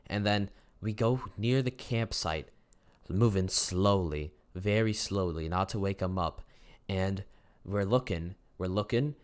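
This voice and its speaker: A teenage guy telling a story in casual, slangy, profane talk, rambling with restarts and yelling out the quotes. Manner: acts out quotes in a loud high yell. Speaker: storytime YouTuber. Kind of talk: casual storytelling over gameplay.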